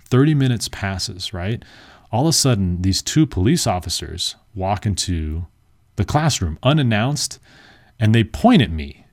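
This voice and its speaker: A man's voice: on the low side, very animated, unhurried, darkish tone. A young man telling a personal story in a casual, rambling way, full of fillers and self-mocking asides.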